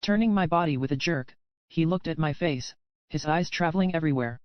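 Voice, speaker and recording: A woman narrating a first-person romance audiobook in a steady storytelling manner, heard as dry, slightly dull audio. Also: deep voice, brisk, dry recording.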